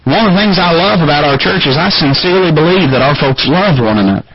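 A man preaching a sermon as pastor, emphatic and climbing higher in pitch to drive points home. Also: animated, fast talker, husky, no echo. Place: church sanctuary. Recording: muffled lo-fi church recording with congregation.

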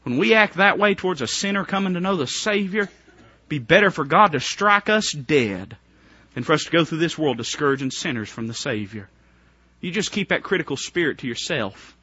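A man delivers a fervent revival sermon in a high, expressive voice that leaps up and down, shifting from hushed pleading to near shouts and posing rhetorical questions. His tone is bright and forceful with a breathy edge, the pace brisk, and the recording dry and a little dull.

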